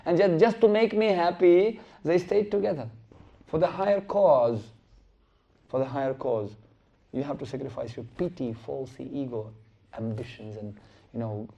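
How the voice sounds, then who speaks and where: Gravelly middle-aged man telling stories. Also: mid-range voice. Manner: animated storytelling with acted-out quotes. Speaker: spiritual lecturer. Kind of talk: sermon storytelling. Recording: dull lo-fi recording.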